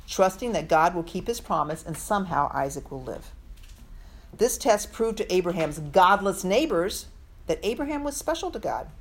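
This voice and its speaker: A woman teaching a women's Bible study, earnest and reflective, acting out the scripture quotes as she goes. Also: on the low side.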